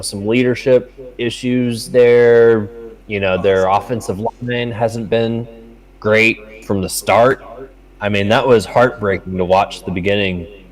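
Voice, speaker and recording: A man's voice: lowish voice, poor audio. A young man co-hosting a casual sports betting chat, swearing often and telling stories animatedly. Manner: profane, animated storytelling. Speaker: podcast co-host.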